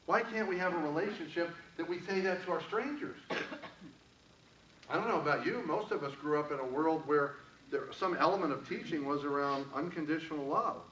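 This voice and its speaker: A man's voice: on the high side, a little fast, a bit bright, a little hiss or hum. Male motivational speaker, earnest storyteller, recorded from a distance in an echoey room. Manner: earnest, storytelling, guides the audience through a breathing exercise. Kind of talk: inspirational talk to a live audience. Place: event room.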